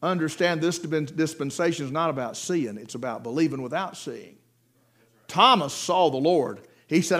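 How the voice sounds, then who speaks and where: A man preaching a sermon, telling Bible stories, acting out the quoted voices and dropping to a hush for emphasis. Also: fairly high pitch, animated, normal speed.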